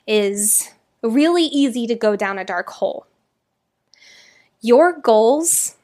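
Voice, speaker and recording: A young adult woman hosting a motivational podcast, talking in an earnest, emotional and gushing way. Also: on the high side. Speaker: podcast host.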